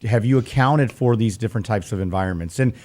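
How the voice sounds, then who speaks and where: A man co-hosting a financial talk show in a hoarse voice that is nearly gone, speaking in a measured way with frequent restarts. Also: lowish voice, a little mellow. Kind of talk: casual radio finance chat.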